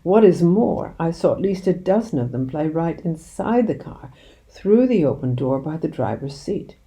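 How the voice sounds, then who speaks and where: Expressive woman reading a children's book. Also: low-pitched, moderate pace. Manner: expressive, storytelling. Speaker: reader.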